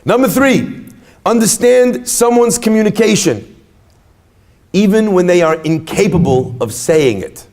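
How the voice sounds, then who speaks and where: A man's voice: high-pitched, a little slow. A man giving an inspirational talk to an audience, telling stories and joking with the crowd. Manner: animated storyteller, jokes with the crowd. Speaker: speaker at a retreat.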